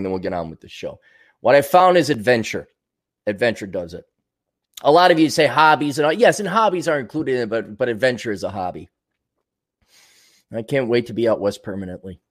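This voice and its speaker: A man hosting his show, talking in a casual, digressive monologue, laughing often and swearing freely. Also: on the low side. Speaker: show host.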